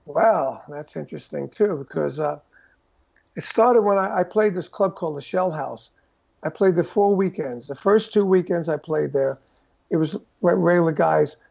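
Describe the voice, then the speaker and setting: An older male musician, a guest telling stories in a casual interview over a video call, animated and acting out quoted voices. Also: a little high, normal speed, creaky. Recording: dull lo-fi call audio.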